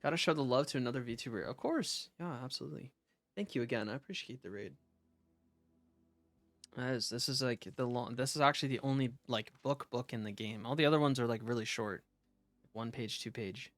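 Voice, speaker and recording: A man's voice: medium pitch, brisk, a bit bright, no room sound. Rambling young male streamer, dry sound. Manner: casual, rambling, frequent fillers and restarts. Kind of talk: live game stream commentary.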